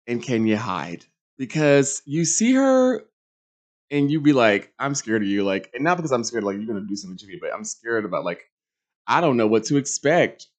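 A young adult man hosting a reality TV recap, talking in a sassy, campy, animated way with big swings in pitch. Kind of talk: casual recap monologue.

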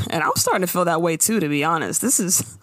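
A woman recaps a show in casual chat, her pitch sitting a bit low but swinging widely as she acts out lines. The sound is dry and close. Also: a little fast, dry recording. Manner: animated storytelling, acting out characters' lines with laughs. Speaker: podcast co-host recapping a TV episode.

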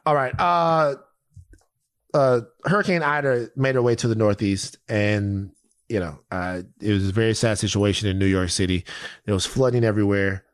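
A man's voice: fairly low pitch, steady tone, normal speed, clear, resonant tone, dry recording. A man co-hosting a podcast in casual, jokey chat, breaking into bits and voices. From Southern US. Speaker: podcast co-host.

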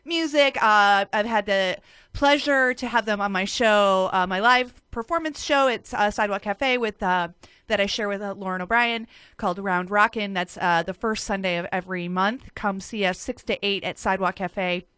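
A woman's voice: medium pitch, normal speed, fairly bright tone, clear, resonant tone, no room sound. A woman hosting a comedy music radio show, chatting casually with crude jokes and many filler words. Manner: playful, crude joking with frequent fillers.

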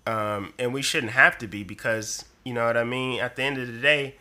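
A man's voice: mid-range voice, steady tone, a little fast, sharp tone. A man co-hosting a podcast, talking casually and hesitantly with many filler words.

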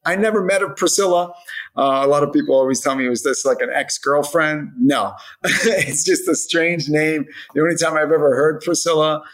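A man who makes hot sauce chats as a guest on a podcast, rambling about his product with frequent "like" and "you know" fillers. His voice is on the high side and a bit bright, at a normal speed. The recording quality is low.

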